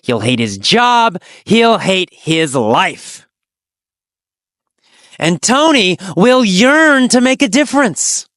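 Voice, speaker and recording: Slow, animated storytelling English teacher. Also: no echo, studio quality. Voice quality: slow, exaggerated storytelling delivery with dramatic pitch swings. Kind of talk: teaching story with repeated questions and answers.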